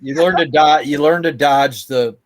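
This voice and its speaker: A man's voice: a little high, moderate pace, no room sound, poor audio. Joking man on a dry video call. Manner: joking, easygoing. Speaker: meeting participant. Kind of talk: casual support group chat.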